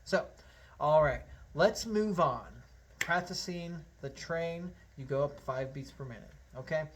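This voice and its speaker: A man's voice: on the high side, unhurried, a little hiss or hum. A man teaching a harmonica lesson, explaining step by step in a friendly way and counting beats aloud. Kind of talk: online music lesson.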